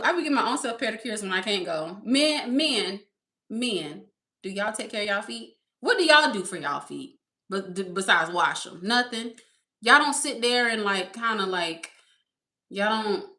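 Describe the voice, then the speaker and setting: Lively bright-voiced woman chatting on stream. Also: mid-range voice. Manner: rambling, reading chat aloud, laughing often; talks to the audience as y'all. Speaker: live streamer. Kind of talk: casual live-stream chat.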